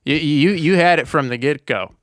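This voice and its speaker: A man's voice: on the high side, normal speed, fairly bright tone, no room sound, studio quality. A man co-hosting a podcast, chatting casually about a movie and rambling with lots of "like" and restarts. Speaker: podcast co-host.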